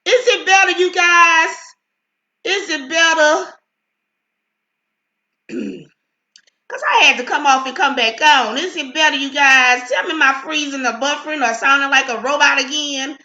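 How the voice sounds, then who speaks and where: A woman's voice: high-pitched, measured pace, long pauses, sharp tone, echoey room, muffled recording. A middle-aged woman hosting a casual live stream from home, chatty and greeting viewers by name, with a lingering cough. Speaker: livestream host. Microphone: computer webcam mic.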